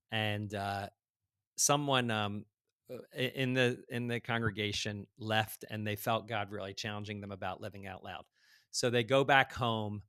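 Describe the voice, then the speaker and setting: A man's voice: on the low side, dry recording, studio quality. A man guest on a podcast, telling stories casually and acting out bits of dialogue with lots of fillers. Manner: animated storyteller acting out dialogue, frequent fillers. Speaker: guest author. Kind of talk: casual storytelling in a podcast conversation.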